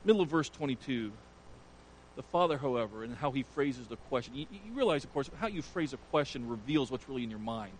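Man, pastor, sermon, earnest, emphatic rises, middle pitch, faint hum. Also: animated, a little fast, low-quality recording.

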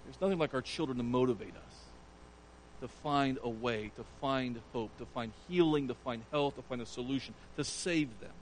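A man's voice: medium pitch, normal speed, a little hiss or hum, rough recording. A man preaching a sermon, retelling a scripture story with earnest emphasis. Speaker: pastor.

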